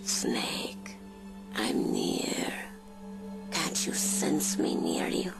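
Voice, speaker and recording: A predatory female sniper from a video game, in a low, breathy whisper that draws out every word. Her voice sits very low and swoops widely as she taunts her target. Loud game music plays underneath. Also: wildly swooping pitch, drawn-out words, exaggerated voice. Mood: taunting whisper.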